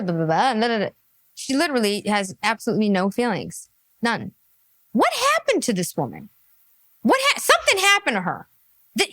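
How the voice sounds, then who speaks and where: A woman commenting on a podcast clip with a high, bright, lively voice that jumps all over. She sounds incredulous and mocks the people she hears. The mic is close and the sound dry. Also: no echo. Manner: incredulous, laughing, mocking put-on voices. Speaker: reaction commentator.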